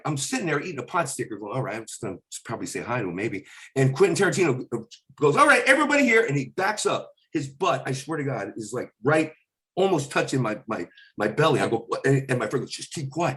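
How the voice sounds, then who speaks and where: A stand-up comedian telling a rambling story, often restarting sentences and slipping into quick celebrity impressions. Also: male voice, mid-range voice. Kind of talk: animated storytelling.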